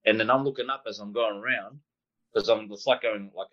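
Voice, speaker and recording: Excited man telling a story, lo-fi. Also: lowish voice, brisk. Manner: animated, rambling, with sound effects. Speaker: guest pilot recounting a sighting. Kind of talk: casual storytelling. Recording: dull lo-fi sound.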